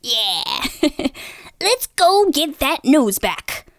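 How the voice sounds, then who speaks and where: A woman's voice: sits high, sing-song, extremely slow, slight background noise, heavily acted. A woman voicing Doc, a playful, encouraging sidekick who jokes with the host in a children's audio drama.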